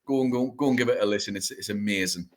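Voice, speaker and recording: A fast-talking man with a lowish voice hosts a podcast in a casual, chatty style. He's enthusiastic, loves telling anecdotes, and laughs often.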